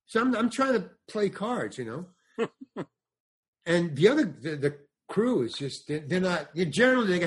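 A man's voice: fairly high pitch, very animated, normal speed, husky. An older man with a slightly raised voice rambles through a story from his acting days. He slips into the voices of the people he quotes and keeps circling back with restarts and asides. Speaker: guest, comedian and actor. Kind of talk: anecdotal interview storytelling.

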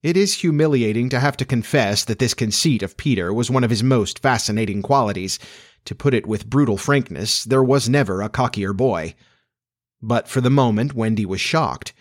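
Guy reading a classic kids' story aloud, middle-pitched, even storyteller pace. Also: moderate pace. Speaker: narrator. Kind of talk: audiobook narration.

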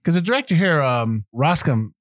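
A man's voice: fairly high pitch, animated, normal speed, no echo, clean studio sound. A man hosting a casual film podcast, easygoing, reading trivia notes aloud and chatting about them. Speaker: podcast host. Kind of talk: casual film review chat.

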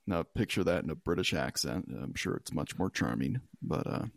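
A man's voice: low-pitched, expressive, moderate pace, creaky, no room sound, studio quality. A man hosting a casual podcast chat, reading out headlines and joking with his co-hosts, laughing often. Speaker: podcast host.

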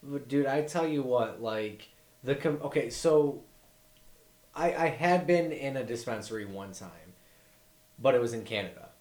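A man's voice: mid-range voice, animated, unhurried, a little mellow, echoey room. A man co-hosting a podcast, telling crude stories and teasing his friends in casual chat. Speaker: podcast co-host.

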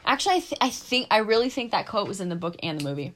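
A woman co-hosting a podcast in casual chat, animated and chatty and laughing often. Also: mid-range voice, very fast. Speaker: podcast co-host.

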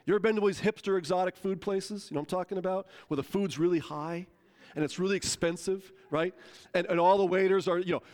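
A man preaching a sermon, telling a story in a lively, conversational way and acting out the quotes. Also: sits high, quick pace. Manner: animated, conversational, acts out quotes. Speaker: pastor.

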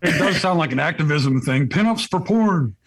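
A man's voice: fairly high pitch, animated, moderate pace, fairly bright tone, slight background noise. A man co-hosting a casual podcast, dropping sarcastic jokes into the chat. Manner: sarcastic, joking asides. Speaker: podcast co-host.

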